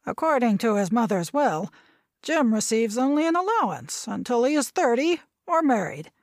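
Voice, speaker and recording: A woman's voice: on the high side, big pitch swings, normal speed, a little mellow, no echo, studio quality. A woman voicing an irritable, domineering grandfather in his nineties, lecturing sharply and impatiently.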